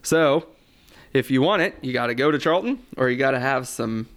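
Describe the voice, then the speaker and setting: A man's voice: mid-range voice, lively intonation, normal speed, a bit bright. A man co-hosting a beer podcast, talkative, laughing easily and playing up mock outrage. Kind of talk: casual chat.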